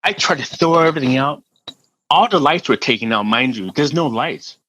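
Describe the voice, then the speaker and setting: A middle-aged man, a podcast guest, telling a story in a casual, animated way, laughing and swearing freely and often repeating words. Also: mid-range voice, moderate pace, a little hiss or hum, poor audio.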